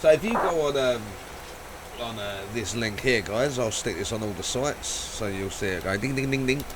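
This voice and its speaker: Male streamer, low-pitched, loose rambling chat with cursing, steady noise behind. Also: moderate pace. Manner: rambling, swearing, laughing often. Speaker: streamer playing a flight simulator. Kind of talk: casual live-stream chat.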